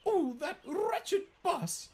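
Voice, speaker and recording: A man's voice: a little high, normal speed, mellow, pitched above the performer's own voice, close to an everyday voice. A man voicing a fussy, sniffy old female railway coach in a storybook.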